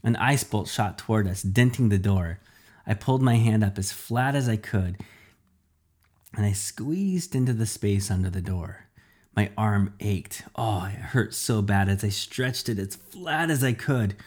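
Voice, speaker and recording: A man narrating a children's story in an animated, dramatic way. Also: fairly low pitch, measured pace.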